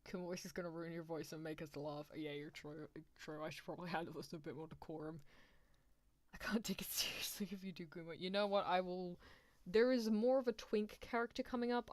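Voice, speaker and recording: A young British woman streaming a visual novel, chatting playfully, laughing a lot and reading story passages in a hushed voice. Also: on the low side, no echo. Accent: British English. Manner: giggly, playful, reads narration in a hushed voice. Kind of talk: casual let's-play chat and reading aloud.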